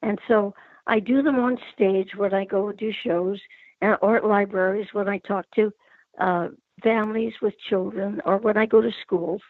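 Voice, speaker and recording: An older woman, an author, chatting in an interview, halting now and then with fillers. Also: medium pitch, fairly even intonation, no echo. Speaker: author guest. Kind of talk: casual interview chat. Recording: tinny phone line, dry.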